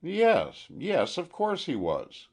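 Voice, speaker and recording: A nervous, secretive young woman, voiced by a male audiobook reader who stammers and trembles as she speaks. Her voice sits well above his own and keeps a husky edge. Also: fairly high pitch, huge pitch swings, darkish tone, voice pushed up, heavily acted. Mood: shaken. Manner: halting, tremulous, stammering. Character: frightened secretive young woman art student.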